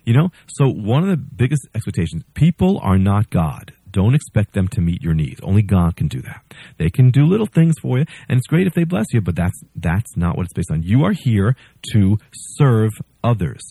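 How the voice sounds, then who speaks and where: Husky warm-voiced male preacher. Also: on the low side, very animated, moderate pace, dry recording. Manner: conversational, acts out story voices, frequent restarts. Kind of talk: sermon.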